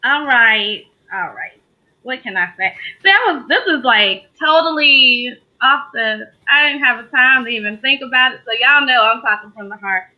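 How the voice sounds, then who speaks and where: A woman's voice: a little high, animated, normal speed, highs cut off. A woman co-host giving a heartfelt spoken tribute, fighting back tears as she talks. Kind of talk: emotional tribute in casual talk.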